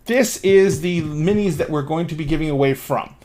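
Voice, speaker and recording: A man's voice: on the high side, moderate pace, a little mellow. A man running a tabletop game on a stream, talking in a casual, rambling way and swearing now and then. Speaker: game master.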